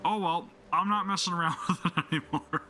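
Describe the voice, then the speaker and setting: Bright-voiced rambling gaming host. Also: male voice, high voice, fairly even intonation, brisk, faint music behind. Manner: rambling, full of fillers and restarts; enthusiastic. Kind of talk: casual gameplay commentary.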